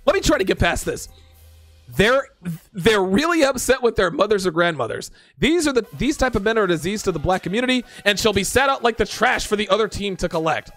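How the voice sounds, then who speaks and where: A man's voice: high-pitched, sing-song, fairly quick, a bit bright, dry recording, faint music behind. A man hosting a dating commentary show, ranting in exasperation at viewer comments with profane sarcasm.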